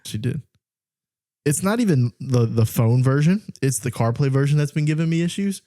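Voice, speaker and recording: A man's voice: fairly high pitch, wildly swooping pitch, normal speed, warm tone. A young man co-hosting a podcast, telling stories in casual chat, often laughing and mimicking a voice assistant. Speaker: podcast co-host.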